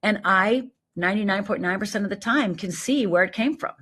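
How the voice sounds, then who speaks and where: Emphatic middle-aged woman, slightly breathy. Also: medium pitch, a little fast. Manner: animated, emphatic, lively storytelling with quoted voices. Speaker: life coach guest. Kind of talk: conversational interview.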